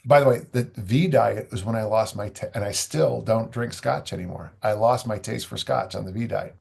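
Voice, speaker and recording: A man's voice: fairly low pitch, moderate pace, creaky, darkish tone, slightly rough. A man, a strength coach guest, talking in a loose, rambling way with dry humor. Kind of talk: conversational interview.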